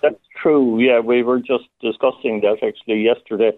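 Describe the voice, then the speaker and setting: Playwright guest over a phone line, dry sound, hesitant and reflective, mid-pitched man. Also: steady tone, moderate pace, dry recording. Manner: thoughtful, hesitant, laughs often. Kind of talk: phone interview.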